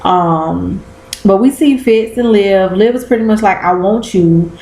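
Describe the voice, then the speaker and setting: Woman, slangy animated recap, echoey room. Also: mid-range voice, measured pace. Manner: animated, slangy, cussing, acts out quotes. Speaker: vlogger recapping a TV episode. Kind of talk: casual chat.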